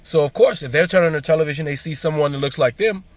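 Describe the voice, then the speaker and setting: A man's voice: on the high side, racing, no echo. A man with an African American accent, hosting his own channel and giving his opinion in a loose, emphatic, conversational way with frequent restarts. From United States. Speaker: host. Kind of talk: casual commentary to camera.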